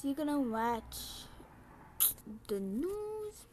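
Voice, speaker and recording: A woman's voice: sits high, big pitch swings, very slow, mellow. A woman hosting a gaming channel, chatting casually and rambling as she plays and makes up a story. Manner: rambling, chatty, with sudden outbursts. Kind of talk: casual gameplay commentary with storytelling.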